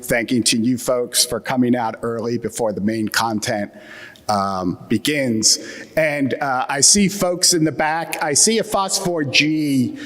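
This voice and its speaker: A man's voice: medium pitch, a little slow, a bit bright. Wry man with a Mid-Atlantic accent. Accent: Atlantic Midland American. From United States. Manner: wry, joking, with fillers. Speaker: keynote speaker. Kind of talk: conference keynote talk. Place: large conference hall. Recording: long hall reverb.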